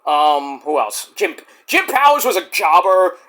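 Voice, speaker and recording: Rambling, animated man reviewing wrestling. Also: high-pitched, measured pace. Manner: rambling, profane, many fillers. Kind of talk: casual chat.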